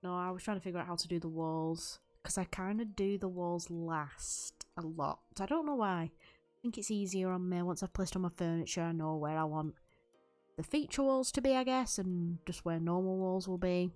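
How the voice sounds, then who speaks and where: A woman's voice: on the low side, moderate pace, darkish tone, faint music behind. A young woman chatting loosely over a game build, rambling and laughing often. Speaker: YouTube Sims builder. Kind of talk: recorded voiceover over gameplay.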